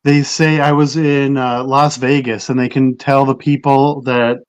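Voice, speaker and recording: A man with a Minnesotan accent interviews his guest in an easy, conversational tone. His voice sits at a middling pitch, and he loosely strings his questions together with fillers. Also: little pitch movement, a little slow. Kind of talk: casual interview.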